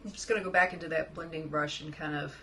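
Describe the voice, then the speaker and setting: A woman chatting excitedly through a makeup tutorial, often dropping to a soft murmur as she works. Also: low voice, fast, a little hiss or hum, rough recording. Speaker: makeup vlogger. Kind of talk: casual makeup tutorial chat.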